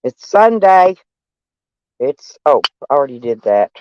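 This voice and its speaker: A woman's voice: rumbling low, sing-song, unhurried, long pauses, darkish tone, lo-fi sound, slight background noise. An older woman, hosting a casual livestream with brash, profane, laughing taunts. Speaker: livestream host.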